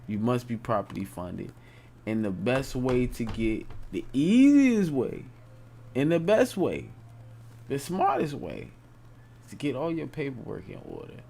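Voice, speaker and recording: A man's voice: lowish voice, creaky, darkish tone, a little hiss or hum. A young man talking casually on a late-night live stream, rambling and repeating himself in loose, informal speech.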